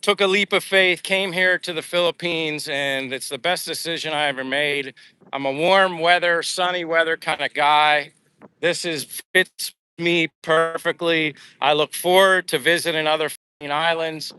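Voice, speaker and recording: A man's voice: on the high side, fairly even intonation, a little slow, bright, forceful tone, clear, resonant tone, no room sound. A man from the United States chatting casually on a live stream while out on his daily walk outdoors, reading viewer comments aloud with lots of fillers. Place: outdoors on a seaside boulevard.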